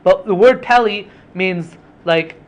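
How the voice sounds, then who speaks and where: A man's voice: high-pitched, slow. A young adult man casually talking through a Bible story as a podcast host, explaining it conversationally and dropping in Hebrew terms. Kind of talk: casual Torah study talk.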